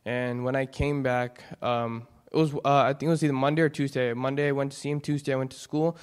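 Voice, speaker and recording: A young man giving an earnest, halting personal testimony in church, full of restarts. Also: mid-range voice, flat delivery, smooth. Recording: long hall reverb.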